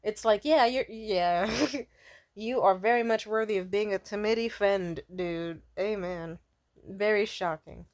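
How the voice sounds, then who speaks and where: A woman's voice: mid-range voice, measured pace, a little mellow. Rambling young woman with a casual storytime. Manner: rambling, laughing often, many fillers and trailing restarts; blunt, swears freely. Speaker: vlogger.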